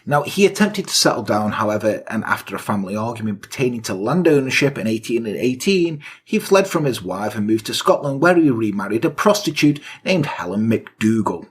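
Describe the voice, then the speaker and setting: Husky joking male podcast host. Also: fairly low pitch, sing-song, brisk, hardly any pauses. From England. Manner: swears a lot, jokey asides. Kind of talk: casual crude comedic chat.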